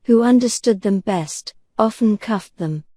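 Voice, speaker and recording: A woman narrating a bedtime storybook in a calm, gentle reading voice. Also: mid-range voice, measured pace, dry recording. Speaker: audiobook narrator.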